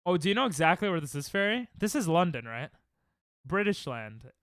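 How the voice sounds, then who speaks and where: A young man streaming a game, chatting casually and reacting excitably to chat on a headset mic. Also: on the high side, fairly quick, smooth, no echo, clean studio sound. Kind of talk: casual live-stream chatter while gaming.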